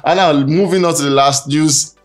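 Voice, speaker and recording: A man's voice: a little high, moderate pace. A young man hosting a casual entertainment news roundup, chatty and full of fillers, over faint music. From Nigeria. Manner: chatty, reads out fan comments, frequent fillers.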